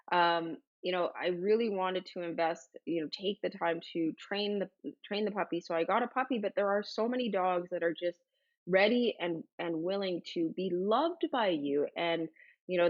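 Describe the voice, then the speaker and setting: Bubbly woman chatting on a lo-fi livestream. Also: on the low side. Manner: chatty and bubbly, frequent exclamations and fillers. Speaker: livestream host. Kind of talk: casual livestream chat reading viewer comments.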